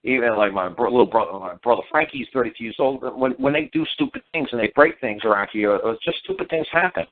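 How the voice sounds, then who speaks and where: A man's voice: medium pitch, lively intonation, fast talker, few pauses. A middle-aged man telling stories casually as a talk show guest, rambling, repeating himself and swearing freely. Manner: rambling, repetitive, blunt and profane. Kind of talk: casual storytelling on talk radio. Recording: tinny phone line on talk radio.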